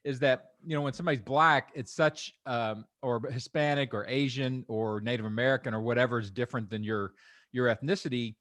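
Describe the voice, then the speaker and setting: A man's voice: medium pitch, fairly even intonation, a little fast, fairly bright tone, dry recording, clean studio sound. A man hosting a podcast, musing reflectively in casual conversation. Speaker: podcast host.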